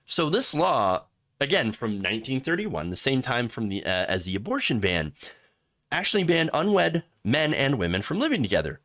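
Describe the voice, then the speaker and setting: A man from Michigan hosting casual political commentary, talking in a sarcastic, animated way with frequent chuckles. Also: medium pitch.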